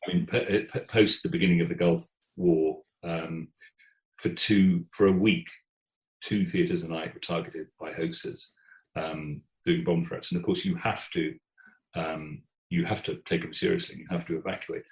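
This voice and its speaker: A British theatre executive in his sixties telling stories in an interview, animated, often restarting words and quoting voices. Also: sits low, normal speed, roomy sound, rough recording. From Britain. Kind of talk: conversational storytelling.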